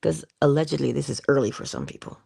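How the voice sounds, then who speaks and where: A woman hosting a casual motivational livestream, playful and chatty, slipping into whispery asides and animated quoted voices. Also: fast talker, no echo, clean studio sound. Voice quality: low gravelly husky voice. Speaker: livestream host.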